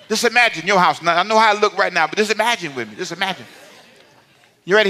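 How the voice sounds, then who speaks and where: A man's voice: high voice, animated, fast talker, sharp tone. A middle-aged man, a pastor, preaching a sermon in a playful, conversational way and calling on the congregation to respond.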